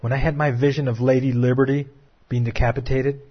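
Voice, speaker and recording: A man preaching a sermon with impassioned, drawn-out dramatic phrasing. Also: mid-range voice, flat delivery, slightly rough, dull audio.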